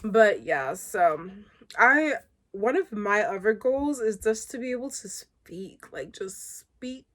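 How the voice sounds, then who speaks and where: A woman's voice: mid-range voice, expressive, slow, fairly bright tone. A woman talking casually on her vlog, upbeat and encouraging, chatting freely and laughing often. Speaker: vlogger. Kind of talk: casual motivational vlog talk.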